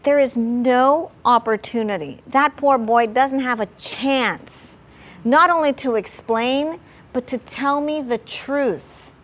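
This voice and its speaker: Animated woman therapist, higher voice. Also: slow. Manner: animated, fillers of "like", dramatizes her own anger. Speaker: family therapist. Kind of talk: candid talk on parenting.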